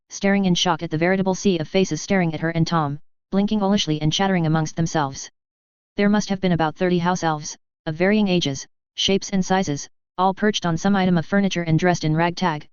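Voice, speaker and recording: A woman reading fan fiction aloud in an even, measured storytelling voice. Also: fairly low pitch, clean tone, dry recording. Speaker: story reader. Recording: dull, lo-fi, dry.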